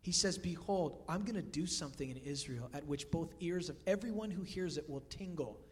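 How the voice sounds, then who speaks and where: A man preaching a sermon in a conversational, animated way, swinging between loud bursts and hushed, quiet lines. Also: fairly high pitch, brisk. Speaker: pastor.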